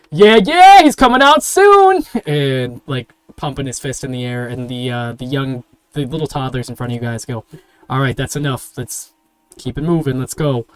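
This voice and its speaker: A man's voice: mid-range voice, darkish tone, smooth, dry recording. Rambling male game master, dry close voice. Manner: rambling, filler-heavy description. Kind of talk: improvised tabletop narration.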